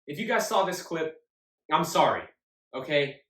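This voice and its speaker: Very animated and a little high-voiced, this sports show host chats on his own at a moderate pace with a fairly bright tone, hammering points home and circling back to repeat them. Echo fills the room, and the mic is far off.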